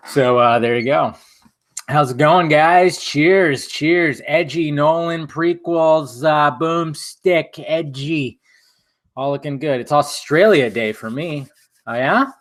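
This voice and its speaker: A young man hosting a live stream, chatting in a laid-back way and reading out viewer comments, swearing casually. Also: fairly high pitch.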